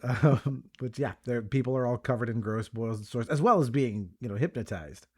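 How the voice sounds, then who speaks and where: A man guesting on a podcast, recapping movie scenes in a relaxed, chatty way with plenty of filler words. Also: medium pitch, normal speed, husky. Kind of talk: casual movie discussion.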